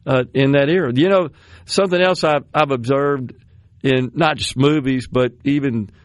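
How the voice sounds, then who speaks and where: A man's voice: medium pitch, normal speed, no room sound, clean studio sound. A man in his sixties with a Southern American accent, hosting a radio talk show and reminiscing in a rambling way, often laughing. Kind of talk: casual studio chat. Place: radio studio. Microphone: studio microphone.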